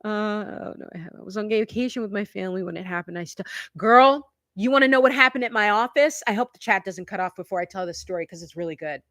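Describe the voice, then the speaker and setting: Bright, chatty woman host. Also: medium pitch, fast talker, no room sound, clean studio sound. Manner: chatty, confiding storyteller who laughs often. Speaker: YouTube channel host. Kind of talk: casual live-stream chat.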